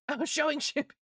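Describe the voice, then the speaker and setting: A woman in her thirties streaming, chatting casually with viewers, giggling often and talking quickly. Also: high-pitched, a bit bright, no echo, clean studio sound.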